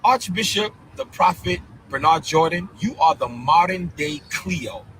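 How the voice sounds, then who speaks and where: A bishop ranting on a live stream in a fiery, confrontational preaching cadence, full of incredulous repeated outbursts. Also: male voice, a little high, animated, a little slow, a bit bright, a little hiss or hum, rough recording. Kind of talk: heated live-stream rant.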